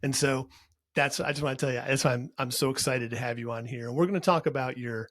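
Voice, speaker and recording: A man hosting a podcast, talking earnestly and emphatically in a casual interview, often repeating words as he gets excited. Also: mid-range voice, fast, no echo, clean studio sound. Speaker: podcast host.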